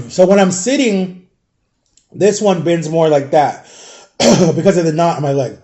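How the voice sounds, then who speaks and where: Rambling, throat-clearing man with a mellow voice. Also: fairly high pitch, measured pace, a little hiss or hum. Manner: chatty, swears casually. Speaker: vlogger. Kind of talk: casual storytime vlog.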